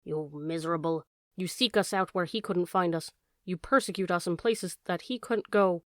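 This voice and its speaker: A woman voicing a wounded male fox who begs quietly and then hisses with bitter contempt, in a storybook reading. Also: lowish voice, lively intonation, quick pace, slightly rough, dry recording, studio quality, exaggerated voice. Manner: pleading, then hissing with contempt.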